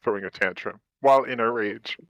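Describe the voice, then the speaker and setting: Low boastful man at the game table. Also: fairly quick. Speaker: player.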